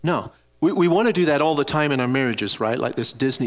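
A man's voice: mid-range voice, lively intonation, a little fast. A middle-aged man preaching a sermon, telling a personal story in an earnest way and speaking directly to his congregation. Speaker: pastor.

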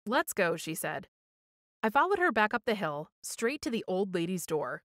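A woman reading a children's story aloud for storytime, with expressive, measured storytelling. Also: mid-range voice, no room sound, studio quality. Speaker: storytime reader.

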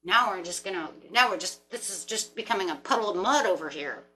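A woman giving a casual tarot reading, animated and chatty, often repeating and restarting words as she thinks aloud, with the odd casual swear. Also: mid-range voice, fairly quick. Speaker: tarot reader.

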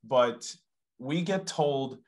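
A man's voice: medium pitch, expressive, very slow. A man hosting a podcast interview, speaking with enthusiasm in a casual way. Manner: enthusiastic, upbeat. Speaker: podcast host.

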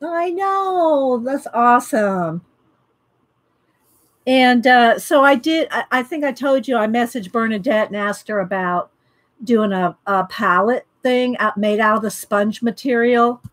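A woman's voice: on the high side, expressive, measured pace. A woman hosting a casual livestream from her home art studio, greeting viewers by name and rambling with fillers. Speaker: livestream host. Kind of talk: casual live-stream chat.

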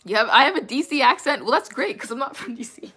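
A woman's voice: high voice, lively intonation, fast talker, pushed and bright, husky, faint music behind. A woman from New England chatting casually on a livestream, answering viewer comments with candid replies. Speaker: livestreamer reading chat. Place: underground room.

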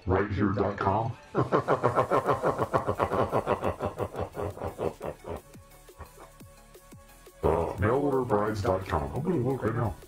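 A man's voice: fairly low pitch, expressive, drawn-out words, music in the background. A middle-aged man, hosting a casual live stream chat, joking and rambling and laughing often.

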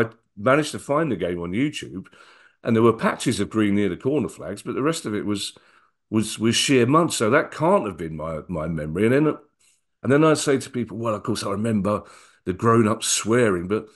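A middle-aged man, a guest on an interview podcast, recalling old memories in a rambling way with many restarts. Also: medium pitch. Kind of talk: casual storytelling interview.

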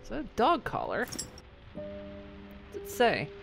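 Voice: mid-range voice, wildly swooping pitch, a little slow, gravelly, fairly bright tone. Curious gamer muttering through a let's play, swears a bit, music playing behind. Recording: voice over game music.

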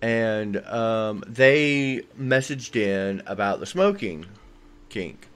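A man's voice: fairly low pitch, animated, drawn-out words, smooth. A man co-hosting a podcast, talking in a rambling, enthusiastic way full of fillers. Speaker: podcast co-host. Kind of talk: casual chat.

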